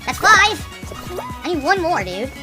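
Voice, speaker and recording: High-pitched, fast woman game streamer who yelps and swears, over clear music. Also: sing-song. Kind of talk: live gameplay streaming.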